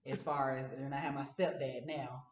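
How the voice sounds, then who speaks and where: A woman co-hosting a casual podcast chat, speaking in a measured, soft-spoken way. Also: rumbling low, fairly even intonation, distant mic, a little hiss or hum. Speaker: podcast co-host. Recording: roomy, from off mic.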